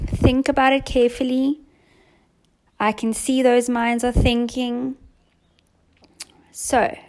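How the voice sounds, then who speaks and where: Woman, primary school teacher, patient and clear, strong vocal fry, pitched a little high. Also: a little mellow. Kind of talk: recorded remote lesson for children.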